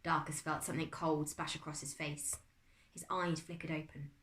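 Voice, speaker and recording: A woman's voice: sits low, moderate pace. British woman teacher reading a story. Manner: expressive, dramatic read-aloud. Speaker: teacher reading aloud to a class. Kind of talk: storybook read-aloud. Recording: echoey room.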